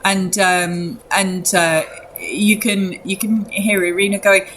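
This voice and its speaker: A woman's voice: medium pitch, flat delivery, slow pace, a bit bright, slight background noise. A woman game master narrating a tabletop game in a chatty way with many fillers. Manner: chatty, lots of fillers and restarts.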